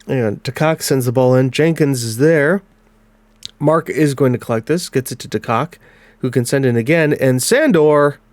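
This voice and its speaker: A man with a blocked nose giving casual let's-play commentary on a football management game, calling the match in quick bursts. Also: medium pitch, no echo. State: congested. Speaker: gaming commentator.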